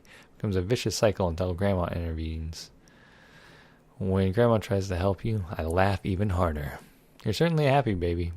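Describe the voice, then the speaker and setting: A let's play gamer with a low, darkish voice reads out a text game. Along the way he offers irreverent, sarcastic commentary peppered with plenty of swearing.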